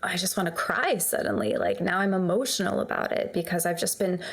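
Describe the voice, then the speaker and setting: A woman guiding a tapping session in a calm, soothing way, then explaining it. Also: lowish voice, a little fast. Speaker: tapping practitioner, guest.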